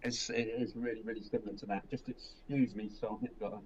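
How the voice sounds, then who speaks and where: A man's voice: fairly low pitch, fairly even intonation, fast, highs cut off, slight background noise. A man co-hosting a film podcast, chatting casually and hesitantly, often repeating himself. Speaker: podcast co-host. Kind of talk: casual film review chat.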